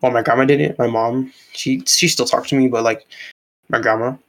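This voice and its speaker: A man's voice: medium pitch, fairly even intonation, moderate pace, fairly bright tone, rough recording. Young man rambling, full of filler words. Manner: rambling, filler-heavy storytelling, says bro a lot. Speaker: podcast co-host. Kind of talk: casual chat. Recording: laggy online call.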